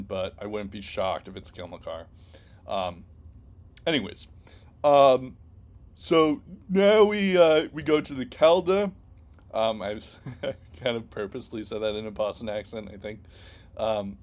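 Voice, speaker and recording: Low-voiced man rambling about hockey. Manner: rambling, many ums and restarts. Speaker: podcast co-host. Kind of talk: casual sports chat.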